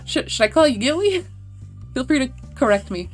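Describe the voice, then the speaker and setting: A woman's voice: high-pitched, expressive, a little fast, soft background music. A young woman livestreaming a farming video game, chatting casually with viewers, laughing and swearing offhandedly. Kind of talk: casual gameplay chat.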